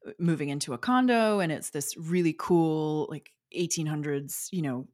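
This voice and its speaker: A woman's voice: low voice, moderate pace, a little mellow. A woman in her forties telling personal stories as an interview guest, chatty with many fillers and frequent laughter. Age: 40s. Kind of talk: casual storytelling interview.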